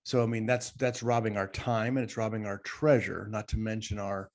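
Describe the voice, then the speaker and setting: Speaking at normal speed in a lowish voice with flat delivery, this podcast co-host holds forth in a casual discussion. He is emphatic and rambling, going on at length and often speaking directly to listeners.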